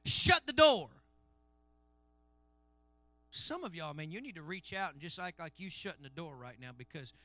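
High-voiced, bright man preaching. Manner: call-and-response preaching, swinging between loud shouts and low murmurs. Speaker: pastor. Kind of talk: sermon.

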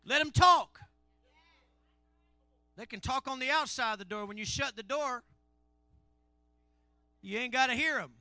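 A male pastor preaching a sermon in call-and-response style, swinging between loud shouts and low murmurs. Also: moderate pace, pauses often, dry recording, faint music behind.

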